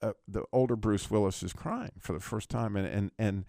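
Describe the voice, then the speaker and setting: A man's voice: on the low side, normal speed, gravelly, warm tone, no echo, studio quality. A man hosting Christian talk radio, earnestly retelling a film scene and stumbling over repeated words. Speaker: radio talk show host.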